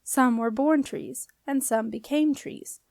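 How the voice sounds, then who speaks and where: A woman voicing a wise, calm old witch mother who talks slowly and cryptically in a storybook reading. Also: high voice, no room sound, clean studio sound. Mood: solemn. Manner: slow, solemn, cryptic speech.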